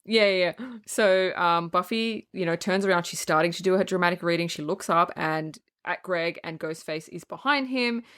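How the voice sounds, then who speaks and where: A woman's voice: on the low side, fairly bright tone, clean tone. Woman, podcast co-host, casual film recap, acts out quotes. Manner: retells scenes, acting out lines in quick put-on voices. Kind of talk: casual movie review chat.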